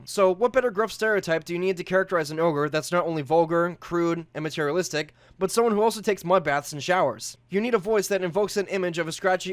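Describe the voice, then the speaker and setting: Brisk, high-voiced man narrating. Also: no echo. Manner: brisk, emphatic. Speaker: video essay host. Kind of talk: scripted narration.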